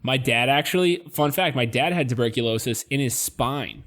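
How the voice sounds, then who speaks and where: A man co-hosting a casual podcast, easygoing and quick to laugh as he tells the story. His voice sits at a middle pitch, and he leans on plenty of fillers. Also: a bit bright. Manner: laid-back, laughing, lots of fillers. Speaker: podcast host presenting the topic.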